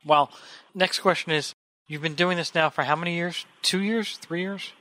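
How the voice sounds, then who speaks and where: A man's voice: fairly high pitch, moderate pace, pushed and bright. A man with a New York accent, hosting a podcast interview and joking with his co-host. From New York City. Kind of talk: hosting, casual banter.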